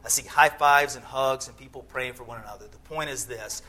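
A middle-aged male pastor delivering a sermon, telling a story, then speaking by turns softly and with emphasis. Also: mid-range voice, brisk, rough recording. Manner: storytelling, shifts between hushed and emphatic.

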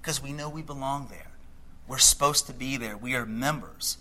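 A middle-aged male pastor delivering a sermon, telling a story, then speaking by turns softly and with emphasis. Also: mid-range voice, normal speed, low-quality recording. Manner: storytelling, shifts between hushed and emphatic.

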